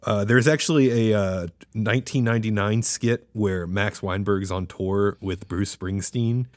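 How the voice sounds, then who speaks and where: A man's voice: lowish voice, measured pace, no echo, studio quality. Laughing man retelling a sketch. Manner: rambling, laughs while retelling a comedy sketch in quoted voices. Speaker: podcast co-host. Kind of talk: casual chat.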